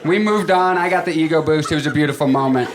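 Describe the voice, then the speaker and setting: A man's voice: a little high, fast, noisy background. Male stand-up comic, laughing crowd. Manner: conversational storytelling with acted-out quotes. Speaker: stand-up comedian. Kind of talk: stand-up comedy set. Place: comedy stage before a live audience. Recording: live audience laughter.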